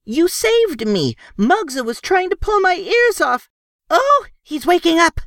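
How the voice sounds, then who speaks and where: A shrill, excitable lady gnome, fierce and loud, as a man reading an audiobook puts her on. The voice sits very high and swoops around, and the recording is dry. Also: unhurried, no echo, heavily acted. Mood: excited.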